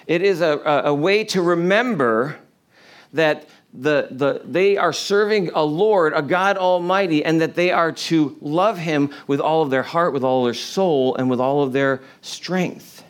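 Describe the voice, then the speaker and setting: A man's voice: a little high, unhurried, clear, resonant tone. A man preaching an informal sermon to a congregation in a room, earnest and conversational, often restarting his phrases. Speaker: pastor.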